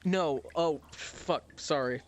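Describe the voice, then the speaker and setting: A man running a tabletop game as game master, talking casually and pausing to recall details. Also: fairly high pitch, slight background noise.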